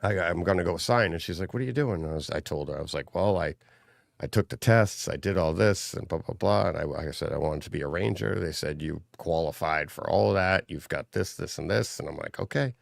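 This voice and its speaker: A man's voice: low-pitched, fairly quick, creaky, no echo, studio quality. A middle-aged man, a podcast guest, telling rambling family stories in casual chat and laughing as he goes. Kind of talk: casual storytelling.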